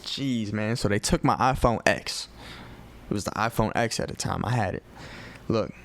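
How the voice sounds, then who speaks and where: A young man from Chicago with a Chicago accent, telling a profane, animated story on a podcast. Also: lowish voice, moderate pace. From north side of Chicago. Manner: profane, animated retelling with quoted voices. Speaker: podcast host. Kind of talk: casual storytelling.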